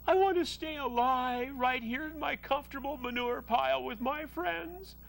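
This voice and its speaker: A reader voicing a young male pig who is timid and easily frightened, talking in a high, pleading voice. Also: expressive, unhurried, slight background noise, natural voice. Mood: panicked, pleading. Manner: pleading, anxious, high-pitched. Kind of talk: storybook read-aloud.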